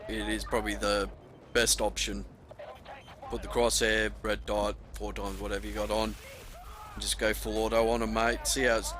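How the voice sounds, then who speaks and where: A man's voice: on the low side, a bit bright, a little hiss or hum. Laid-back Australian man, swearing gameplay commentary. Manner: laid-back, swears freely, says "mate" often. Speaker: gaming commentator.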